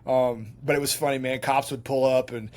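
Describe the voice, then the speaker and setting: A middle-aged male veteran telling stories as an interview guest, animated and rambling, full of fillers and restarts. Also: medium pitch, moderate pace. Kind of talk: casual storytelling interview.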